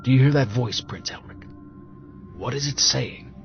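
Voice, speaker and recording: A man's voice: mid-range voice, normal speed, voice pushed up, natural voice. A man voicing a shaken, uneasy noble duke who speaks tensely, full of questions. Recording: dull lo-fi audio with music behind.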